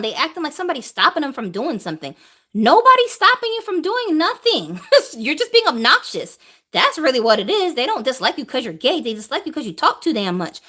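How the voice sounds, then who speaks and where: Blunt animated woman, lively pitch. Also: brisk. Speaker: doll collector vlogger. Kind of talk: live Q&A monologue.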